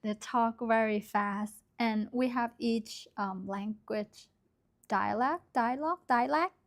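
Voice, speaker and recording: A calm, soft-spoken woman chats casually to her viewers at an unhurried pace. Her voice sits a little high, and she talks in a gentle, quiet way. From Thailand. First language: Lisu. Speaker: embroidery vlogger. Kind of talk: casual chat to camera.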